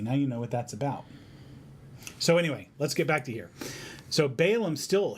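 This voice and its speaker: A man retelling a Bible story to his son in a family devotion, in a lively, conversational way. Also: mid-range voice, a little hiss or hum. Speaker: father teaching his son.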